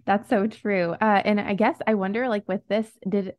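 A woman's voice: medium pitch, fairly even intonation, unhurried, no room sound, lo-fi sound. Bubbly podcast host woman, dry close sound. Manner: bubbly, giggly, lots of "like". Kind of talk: casual interview chat.

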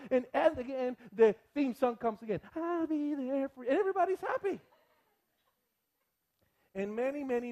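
A man preaching a sermon as pastor, animated and acting out the people he quotes. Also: extremely high pitch.

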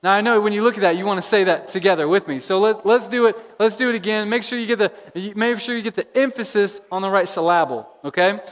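A man preaching a sermon as pastor, energetic, repeating phrases for emphasis, in a church. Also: high voice, fast, few pauses. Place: church sanctuary. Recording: long reverb of a large hall.

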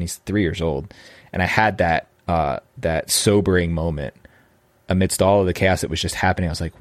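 Man, very low voice, dry close sound, earnest and reflective podcast host. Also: normal speed, no echo. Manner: earnest, reflective, with frequent restarts. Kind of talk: candid personal storytelling.

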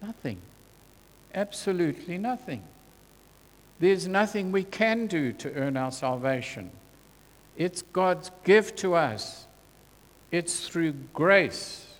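Man, sermon, very slow, earnest, reverberant hall. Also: high-pitched, animated. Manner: earnest, slow and deliberate, dropping soft on scripture quotes. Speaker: preacher.

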